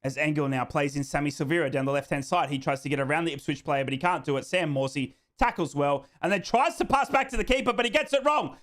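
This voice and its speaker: Male fan host calling a match live, high bright voice, swings to shouting. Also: quick pace, few pauses. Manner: excitable, bursts into shouting celebrations; reads out viewers' names and answers them. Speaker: host of a live football watchalong.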